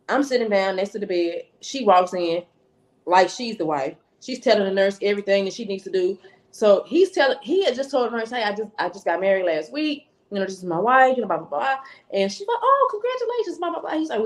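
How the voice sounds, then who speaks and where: A woman's voice: mid-range voice, lively intonation, fairly quick. A woman telling a personal story on a podcast, acting out the voices in the dialogue she recalls. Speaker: podcast guest. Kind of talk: storytelling, casual chat.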